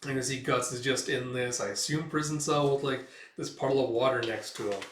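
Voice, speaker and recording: A man's voice: medium pitch, fairly even intonation, brisk, a bit bright. Casual rambling male reader, swears often; roomy distant mic. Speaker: host reading a manga aloud. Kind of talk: casual reaction commentary.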